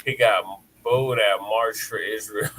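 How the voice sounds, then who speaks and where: A man's voice: fairly low pitch, takes it slowly, a crowd in the background, rough recording. A man co-hosting a casual political chat, mostly chiming in with short agreeing replies and chuckles. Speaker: co-host.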